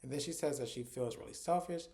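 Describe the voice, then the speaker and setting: A man's voice: medium pitch, quick pace, vocal fry, warm tone. A man casually recapping a TV episode scene by scene, chaining events together with "and so" and "like" as he goes. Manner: retells scenes conversationally, often with "and so" and "like". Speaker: TV episode reviewer.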